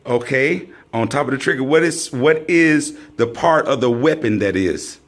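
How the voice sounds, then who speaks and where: A man's voice: medium pitch, lively intonation, moderate pace, fairly bright tone. A man teaching a hands-on training class, praising often and calling out drill commands. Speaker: firearms instructor.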